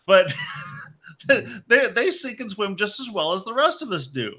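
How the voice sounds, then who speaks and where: Brash podcast co-host, man, high and bright, loud and crude. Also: big pitch swings, moderate pace. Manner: loud, profane, laughing storyteller. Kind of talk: casual crude podcast banter.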